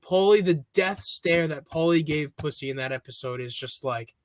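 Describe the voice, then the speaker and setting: A man talking as a podcast guest in a casual, rambling chat, restarting his sentences often and getting excited. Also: fairly high pitch, moderate pace, dry recording, clean studio sound.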